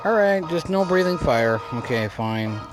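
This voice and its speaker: A man's voice: a little high, expressive, unhurried. Rambling man narrating his gameplay. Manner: rambling, repeats and restarts himself. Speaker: let's play commentator. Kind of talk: casual gameplay commentary. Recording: game music audible underneath. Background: game music.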